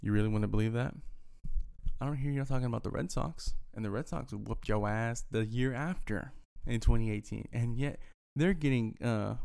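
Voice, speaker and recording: A man's voice: medium pitch, creaky, a little mellow, smooth. A man in a casual, profane rant as an upset sports fan, talking heatedly and repeating himself. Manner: heated, profane, repetitive ranting.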